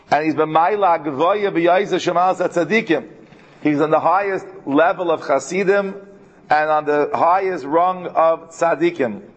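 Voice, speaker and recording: A man giving a Torah class in an earnest tone, mixing Hebrew terms into his English and slowing right down to stress key verses. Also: a little high, highs cut off. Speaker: Torah teacher.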